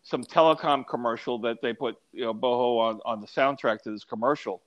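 A man's voice: medium pitch, fairly quick, a bit bright. A man chatting as a guest, often hesitating and repeating his words. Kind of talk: casual conversation. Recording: dull lo-fi sound.

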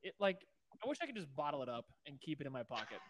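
A man's voice: a little high, sing-song, very fast, a little hiss or hum. A man talking as a guest author in a casual interview, joking playfully.

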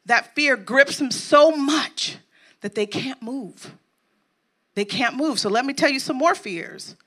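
High, bright-voiced woman preaching. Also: lively intonation, unhurried, pauses often. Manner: rousing preacher who checks in with the crowd; lists items in an emphatic cadence. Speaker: apostle preaching to a congregation. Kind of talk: sermon.

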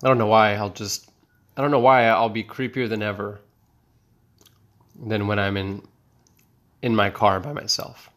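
A man's voice: on the low side, fairly even intonation, a little slow, pauses often, fairly bright tone. A man doing rambling, profane stand-up comedy, telling self-mocking stories.

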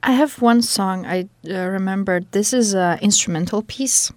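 A woman joins a casual podcast chat, talking at an ordinary pitch and pausing to find the right words. Her voice is recorded close and dry. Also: no echo. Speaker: podcast co-host.

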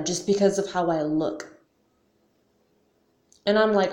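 A woman's voice: lowish voice, slow pace, pauses often, a little mellow. A young woman talking casually to camera as a vlogger, slangy and full of questions, often saying "like" and cursing now and then. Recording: roomy echo.

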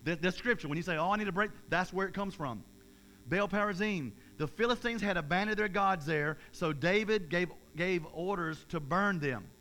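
A man, preaching a sermon in an energetic, emphatic way, with repeated phrases and restarts. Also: sits high, normal speed.

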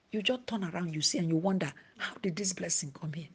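A woman preaching a sermon, dropping to a hushed whisper at times and rising to emphasis. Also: mid-range voice, a little fast, hardly any pauses, husky.

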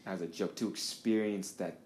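A man's voice: low voice, steady tone, normal speed, darkish tone. A man hosting a podcast, telling a story in a casual, rambling way with lots of swearing. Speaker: podcast host. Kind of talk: casual conversation. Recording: echoey room with faint noise.

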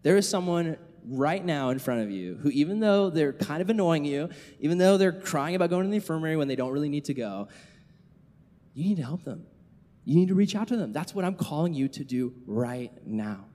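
A young man preaching to a youth group, telling a story with animated delivery and casual filler words. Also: a little high, brisk. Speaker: youth pastor. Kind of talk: sermon to youth. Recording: echoey hall reverb.

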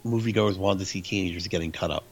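A man's voice: sits low, quick pace, slight background noise. A man in his forties, co-hosting a casual chat about movies and telling stories with laughter. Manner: storytelling, laughs often, acts out quotes.

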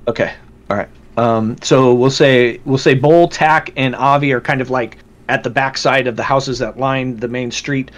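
A man's voice: mid-range voice, steady tone, moderate pace. A man narrating as game master of a tabletop game, loose and full of fillers.

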